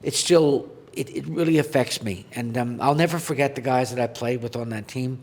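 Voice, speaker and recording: A man's voice: medium pitch, normal speed, darkish tone. A man from Canada, a former goaltender, telling his story earnestly and with feeling. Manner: earnest, heartfelt, reads a list of names aloud. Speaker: podcast guest, former goaltender. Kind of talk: emotional storytelling. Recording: long hall reverb.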